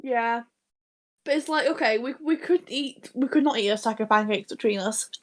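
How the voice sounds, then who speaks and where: A woman co-hosting a casual podcast, her voice pitched a bit higher than most. She rambles through anecdotes full of false starts and laughter, and she swears freely. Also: normal speed. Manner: rambling, laughing anecdote-telling with many restarts. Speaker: podcast co-host. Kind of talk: casual chat.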